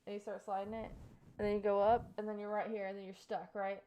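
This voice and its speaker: A woman's voice: mid-range voice, flat delivery, quick pace, dark tone, smooth. A young woman live-streaming, chatting casually and playfully with her viewers and answering their questions. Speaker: livestreamer.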